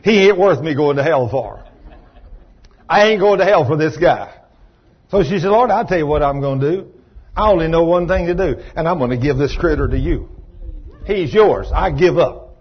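A man preaches in a folksy, colloquial way, with lively storytelling. His voice sits a little high and has a husky edge. The recording is dull and lo-fi. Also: fairly quick. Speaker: pastor.

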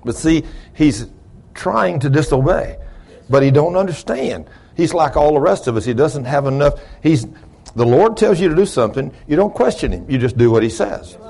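Male preacher, middle-aged, folksy sermon storytelling, loud bursts of praise. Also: fairly high pitch, lively intonation, normal speed, vocal fry. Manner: shouts praise, then drops to quiet storytelling. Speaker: pastor.

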